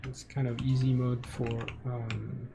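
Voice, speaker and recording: A man with a French accent chats through his gameplay at an unhurried pace. His voice is heavily gravelly with vocal fry, and he thinks aloud, stopping and restarting his sentences. Faint keyboard typing sits behind him. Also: medium pitch, flat delivery, background noise. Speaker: game streamer. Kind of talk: casual gameplay commentary.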